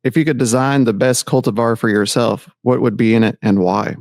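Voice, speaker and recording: A man with a gravelly, fry-tinged voice hosts a laid-back podcast chat. He asks questions in an easy, encouraging way. The sound is dry and close, with little room around it. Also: medium pitch, fairly even intonation, fairly quick, a little mellow, dry recording. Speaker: podcast host. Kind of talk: casual interview.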